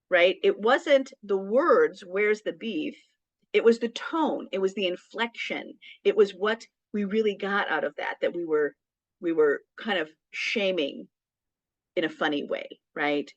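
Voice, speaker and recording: A woman's voice: medium pitch, lively intonation, a little slow, no echo. Woman, small business presenter, conversational with ums and tag questions, dry dull lo-fi sound. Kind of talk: casual presentation.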